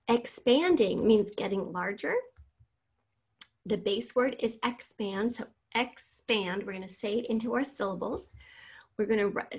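A woman teacher giving a recorded spelling lesson over slides, spelling out letters slowly and patiently. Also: mid-range voice, breathy edge.

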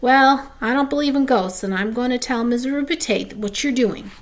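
A woman's voice: high voice, moderate pace, pitched above the performer's own voice, close to an everyday voice. A woman voicing a haughty, insistent second-grade girl in a storybook reading. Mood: indignant.

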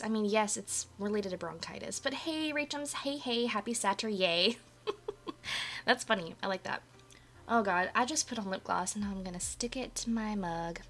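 She's animated, with a medium pitch and fairly bright tone, speaking at a measured pace and pausing often. Streaming from her apartment on a desk mic, she casually chats with live viewers and greets them by name, bubbly despite a voice that's dry and coughy after just waking up.

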